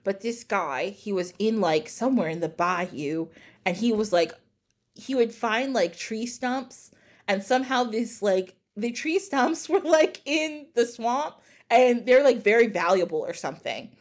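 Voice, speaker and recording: A woman's voice: a little high, animated, a little slow. A woman from the North Jersey area hosting a podcast, chatting casually and laughing often as she tells stories. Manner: giggly, chatty storyteller. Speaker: podcast host. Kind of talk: casual chat.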